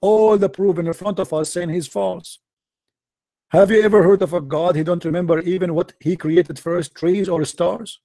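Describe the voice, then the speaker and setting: Man, taunting debate host, dark mellow tone, dry close sound. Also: sits high, fairly even intonation, normal speed, vocal fry, no room sound. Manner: mocking, taunting, repetitive rhetorical questions. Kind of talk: confrontational live-stream debate.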